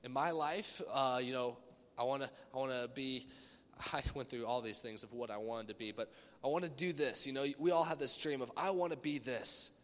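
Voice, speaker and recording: A man preaching a casual sermon, rambling a little and acting out lively quotes. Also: mid-range voice, brisk, big-room sound. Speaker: pastor.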